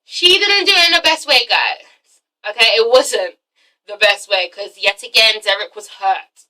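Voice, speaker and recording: A woman's voice: a little high, moderate pace, distant mic. A woman giving a casual, profane, laughing recap of a TV episode. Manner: animated, profane, laughing often. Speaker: TV show reviewer.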